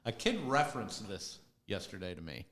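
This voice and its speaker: A man with a lively, bright voice chats on a podcast in a roomy, echoing space. He trails off as he searches for names, then tells his own story. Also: fairly low pitch, normal speed, a little hiss or hum. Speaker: podcast co-host. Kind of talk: casual chat.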